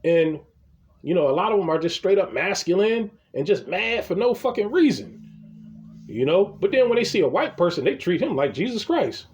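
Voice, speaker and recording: Heard through a muffled recording, a man with a high, darkish voice speaks at normal speed and sounds very animated. He's a comedy vlogger spinning comic stories in a rambling, profane rant, stuttering on repeated opening words.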